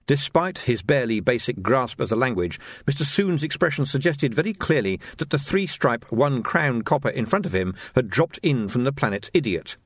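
A man's voice: normal speed, hardly any pauses, slightly rough, no echo, studio quality. A man narrating a story expressively as an audiobook reader. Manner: expressive storytelling, varied pitch.

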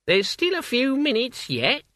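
A male audiobook reader voicing a frail, elderly witch woman who is brisk, fussy and matter-of-fact. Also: very high voice, wildly swooping pitch, pushed and bright, no echo, clean studio sound, pitched above the performer's own voice, exaggerated voice. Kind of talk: audiobook character voice.

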